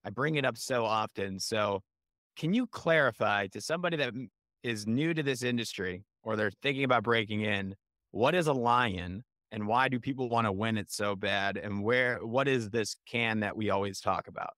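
A man's voice: on the low side, moderate pace, no room sound, clean studio sound. A man with a Chicago accent hosting an advertising podcast, upbeat and playful as he interviews a guest. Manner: energetic, playful, hyped. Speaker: podcast host.

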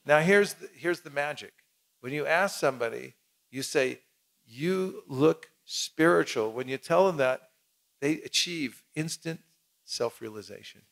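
A man teaching a lively seminar to an audience, acting out short dialogues and having the crowd repeat lines after him. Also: medium pitch, moderate pace, creaky. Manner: animated, acts out little dialogues, leads the crowd in repeating. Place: cultural center hall with audience.

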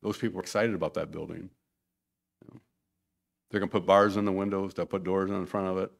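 A deep-voiced man talks a church congregation through his slides from a podium. He rambles in a loose, conversational way and often restarts his sentences partway through. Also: level tone, fairly quick, creaky. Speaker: church mission speaker. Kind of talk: informal church presentation with slides.

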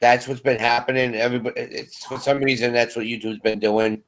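Man, mid pitch, easygoing, co-host, casual stream talk. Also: little pitch movement, fairly quick. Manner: easygoing, laughs along, announces schedule. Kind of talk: casual live-stream chat.

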